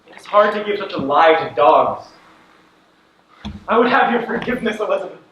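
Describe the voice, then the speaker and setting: A teenage actor on a school stage playing an anguished, proud farmer, impassioned and breaking into shouts. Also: male voice, sits high, animated, brisk, muffled recording, a little hiss or hum. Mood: pleading. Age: late teens. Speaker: student actor. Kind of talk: stage acting in a school play. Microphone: distant camera in the audience. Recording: echoey hall from far off.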